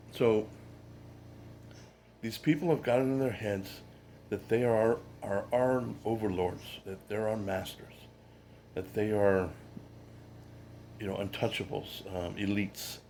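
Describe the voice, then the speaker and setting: A man's voice: lowish voice, takes it slowly, long pauses, darkish tone, a little hiss or hum. A man delivering a casual political rant to camera, indignant and rambling, with frequent restarts.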